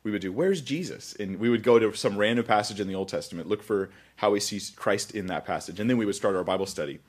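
A pastor with a somewhat low voice leads a Bible study in a loose, talkative way. He jokes at his own expense and laughs often as he goes through the passage. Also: fast. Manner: chatty, self-deprecating, laughs often. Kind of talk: conversational Bible teaching.

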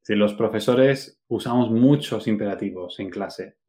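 A man's voice: fairly low pitch, dark tone. Bilingual man explaining English grammar. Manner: explains slowly, switching between Spanish and English. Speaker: English teacher. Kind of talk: bilingual podcast lesson.

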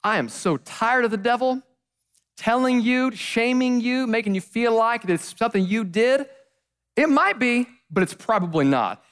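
A man preaching a sermon as a pastor before a congregation, swinging from loud to hushed. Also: extremely high pitch. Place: church stage before a congregation.

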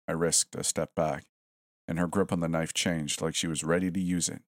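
A man with a very low voice narrates a horror story in a steady, tense way. His delivery stays even and measured, and the recording is close and dry with no room sound. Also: dry recording.

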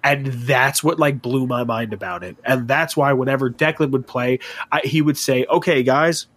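A young man in casual podcast chat, telling tabletop game stories in an animated, profane way. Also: mid-range voice, moderate pace.

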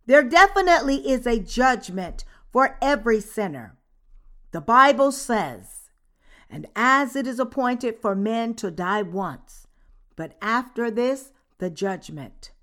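A woman reading a sermon aloud in a measured, deliberate way. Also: on the high side, animated, bright, forceful tone. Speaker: sermon reader.

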